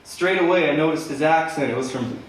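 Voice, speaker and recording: Performer wry deadpan singer-songwriter telling stories on stage. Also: male voice, on the high side, brisk. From Manitoba, Canada. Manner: wry, deadpan, laid-back humor. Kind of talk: stage banter storytelling at a concert. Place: theater stage, live. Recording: echoey theater from far off with faint guitar.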